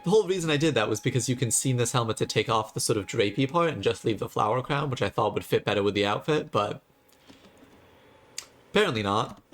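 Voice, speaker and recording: A man commenting on his live gameplay, chatty and quick to toss off sarcastic jokes. His voice sits at an ordinary middle pitch. He talks straight to his viewers. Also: fairly bright tone. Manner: chatty and jokey, sarcastic asides. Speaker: streamer.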